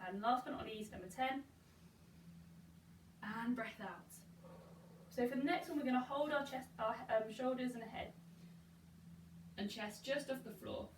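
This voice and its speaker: A young woman leads a mat pilates session, calling out each rep and encouraging the listener as she works through it herself. Her voice sits a bit high, caught from a few meters off in a room with noticeable echo and a faint hiss. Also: a little slow, pauses often, far from the mic. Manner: encouraging, counts reps aloud. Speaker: pilates instructor. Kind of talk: guided workout instruction.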